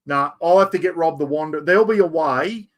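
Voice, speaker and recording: High-voiced Australian man chatting live. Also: brisk. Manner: chatty, self-mocking, talks to viewers while fumbling with software. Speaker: livestream host. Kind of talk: casual live stream chat.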